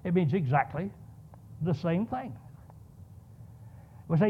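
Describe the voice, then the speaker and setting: A man's voice: high voice, sing-song, slow pace, pauses often, husky. A man preaching a sermon, telling a story and asking rhetorical questions. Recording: tinny phone-like sound.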